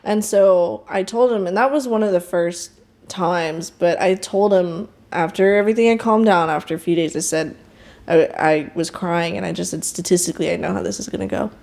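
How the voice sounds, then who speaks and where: A woman's voice: lowish voice, moderate pace, a little mellow. A young woman, a podcast guest, frankly recounting a hard relationship in candid personal storytelling, quoting others with a raised voice.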